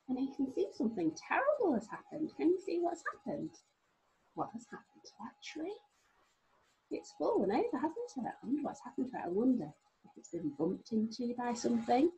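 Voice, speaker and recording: A woman teacher from England walks young children through a phonics lesson. She sounds out each word slowly and stretches it. Her voice is raspy and breathy, and her pitch swings widely. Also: dark tone, poor audio. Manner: slow, sing-song, exaggerated sounding out. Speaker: reception class teacher.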